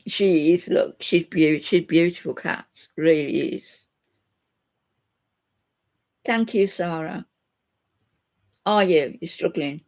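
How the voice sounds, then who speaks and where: A woman's voice: lowish voice, slow pace, vocal fry, long pauses, darkish tone. An older woman, chatting openly to viewers in a rambling way and reading out their comments. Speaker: vlogger chatting to live viewers. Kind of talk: emotional live chat.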